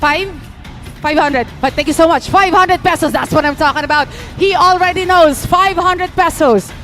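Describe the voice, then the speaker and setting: A woman with a Filipino accent, hosting a live auction at an event, calling bids in an energetic, playful way. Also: extremely high pitch, moderate pace, soft background music. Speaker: auctioneer host. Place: live esports event venue.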